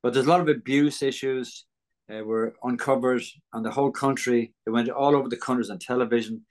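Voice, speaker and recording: A man's voice: medium pitch, steady tone, brisk. An Irish man as an interview guest, giving an earnest testimony and acting out the voices of people in his story. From Ireland.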